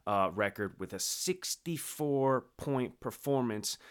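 A man co-hosting a casual sports talk show, telling stories in a playful, animated way. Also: mid-range voice, takes it slowly, clear, resonant tone. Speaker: co-host.

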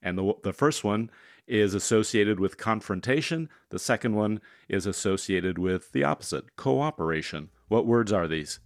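Measured, low-voiced man puzzle master. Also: animated, no room sound, studio quality. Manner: measured, spelling words out letter by letter. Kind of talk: presenting a word puzzle.

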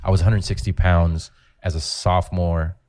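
A man's voice: low voice, moderate pace, dry recording, clean studio sound. A comedian in his forties, telling rambling, profane stories in a casual podcast chat. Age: 40s. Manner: profane, rambling, animated storytelling. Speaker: comedian guest.

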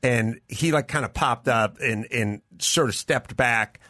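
A middle-aged man tells a story with a comedian's timing, acting out each voice as he goes. His tone is bright and forceful. The mic is close and dry, with no room sound. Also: medium pitch, unhurried, dry recording. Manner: animated, acts out voices in his stories. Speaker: guest comedian. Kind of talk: casual storytelling chat. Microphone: studio mic over remote link.

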